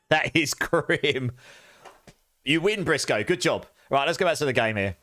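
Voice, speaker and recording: A man streaming a game live, chatting with viewers in a casual, animated way and groaning through reactions. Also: a little high, measured pace.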